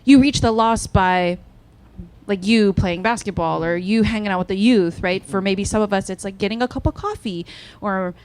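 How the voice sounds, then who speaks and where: A woman's voice: medium pitch, normal speed, darkish tone. A woman chatting casually during a church message, laughing easily and filling her talk with "like" and "right?". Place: church in Hawaii.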